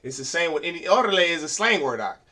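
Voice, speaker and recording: Bright, forceful man preaching a class. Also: a little high, very animated, fast talker. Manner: emphatic, builds to loud forceful preaching; uses rhetorical questions and quoted voices. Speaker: class teacher.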